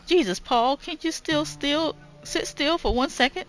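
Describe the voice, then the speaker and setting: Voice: sits high, a little slow, fairly bright tone, faint music behind, pitched above the performer's own voice. A gamer voicing a scolding old wife while reading game dialogue aloud, with an indignant, berating manner.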